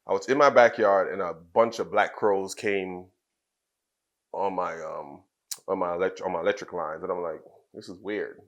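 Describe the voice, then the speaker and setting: A man from Trinidad, in his thirties, telling a personal story in an interview, soft-spoken and halting, with many fillers and restarts. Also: low voice, fairly even intonation, dull audio. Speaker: wrestler guest.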